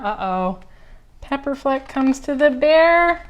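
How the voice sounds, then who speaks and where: A young woman librarian reads a picture book aloud for preschoolers, speaking slowly and expressively. Her voice sits a bit high, and she keeps turning to ask the children questions. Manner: slow, expressive, talks to little children. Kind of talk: preschool storytime read-aloud.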